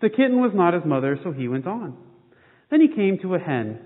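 A man giving a children's sermon, reading a picture book aloud before turning to the day's scripture. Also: a little fast. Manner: animated read-aloud. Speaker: pastor. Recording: phone-like boomy hall sound.

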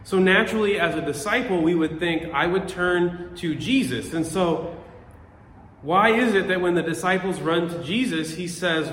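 A man gives an earnest, reflective sermon, recorded on a phone. His voice sits a little high for a man and moves in measured phrases. The room around him is echoey, with a long reverb trailing each line. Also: a bit bright, a little hiss or hum. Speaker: pastor.

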